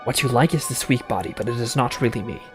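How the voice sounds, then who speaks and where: A man voicing a dragon in a frail human body, speaking stiffly and coldly in a quiet, formal way. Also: mid-range voice, fast, faint music behind, close to an everyday voice. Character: cold menacing dragon in a frail man's form. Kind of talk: reading a visual novel aloud.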